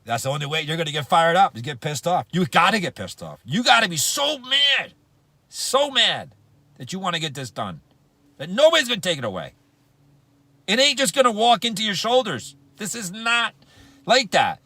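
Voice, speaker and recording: A man's voice: a little high, sing-song, a little fast, bright, forceful tone, no room sound. A man giving a motivational business talk, emphatic and slangy, repeating phrases for punch. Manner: slangy, casual grammar. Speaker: network marketing speaker.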